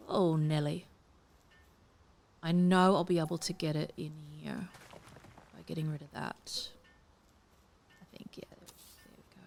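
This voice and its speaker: A woman's voice: sits low, steady tone, a little slow, vocal fry, pauses often, slight background noise. A woman talking through a game build, drifting between murmured comments and whispers to herself. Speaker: game build tutorial host. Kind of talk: casual gameplay commentary.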